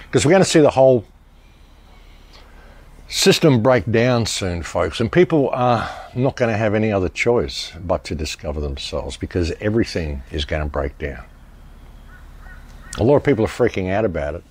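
Rambling low-voiced man. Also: lively intonation, moderate pace, pauses often, a little mellow, husky, no room sound. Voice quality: rambling, emphatic, with many restarts. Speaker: online commentator. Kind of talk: casual monologue to viewers.

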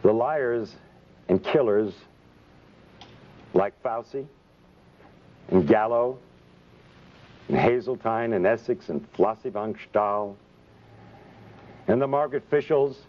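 A man's voice: lowish voice, slow pace, pauses often. A man, a physician, giving an impassioned public speech full of indignant rhetorical questions and sarcasm. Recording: dull lo-fi recording.

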